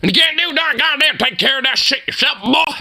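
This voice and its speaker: A man voicing an angry, short-tempered middle-aged stepdad who shouts and curses. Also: very high voice, lively intonation, a little fast, vocal fry, slight background noise, voice pushed up, full character voice. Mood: furious. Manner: shouting, cursing, hollering "boy". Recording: guitar music playing behind.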